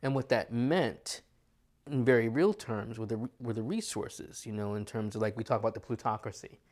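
A man's voice: mid-range voice, normal speed, darkish tone. A man from the United States talks things over in an easy, conversational way. He muses and poses rhetorical questions as he works through his points, with a voice that sits in a middle register. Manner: reflective, asks many rhetorical questions. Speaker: astrologer. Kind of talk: casual conversation.

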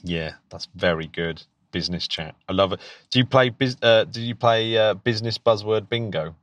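A man's voice: lowish voice, normal speed, fairly bright tone, no echo. A British man, a podcast co-host and teacher, chatting casually and eagerly with frequent restarts and laughs. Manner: enthusiastic, stumbling restarts, laughs often. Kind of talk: casual chat.

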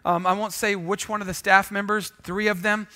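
A man preaching in church as pastor, telling a jokey story with sudden loud bursts. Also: sits high, flat delivery, normal speed. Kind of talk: sermon with storytelling.

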